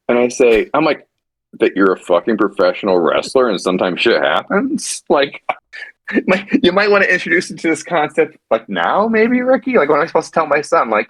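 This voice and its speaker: A man co-hosting a casual podcast chat, rambling and animated, with frequent restarts and swearing. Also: a little high, a little fast, no echo. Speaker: podcast co-host.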